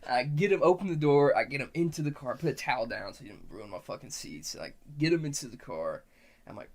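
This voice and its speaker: A man's voice: mid-range voice, fast talker. A young man hosting a casual podcast, telling a story with lots of laughter and acted-out quotes. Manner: animated, acts out quotes, laughs often. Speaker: podcast host.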